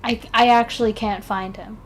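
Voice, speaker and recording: A woman's voice: fairly high pitch, steady tone, normal speed, a little hiss or hum. A tired woman streaming casually, chatting and mumbling to herself as she works, with a self-deprecating manner. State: tired, yawning. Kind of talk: casual live-stream chat.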